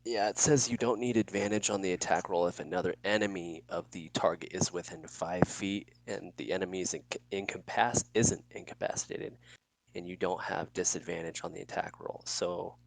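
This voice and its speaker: Low, gravelly man playing a tabletop game. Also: steady tone, no room sound, rough recording. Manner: thinking aloud, reading rules haltingly. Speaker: player. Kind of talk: casual tabletop game play.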